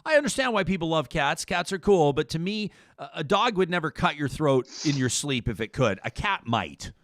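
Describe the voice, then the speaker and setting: A man's voice: fairly high pitch, very animated, normal speed, no echo, studio quality. A man hosting a talk show, chatting casually in a rambling, jokey way and often cutting himself off mid-sentence. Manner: rambling, self-interrupting, jokey. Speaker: host.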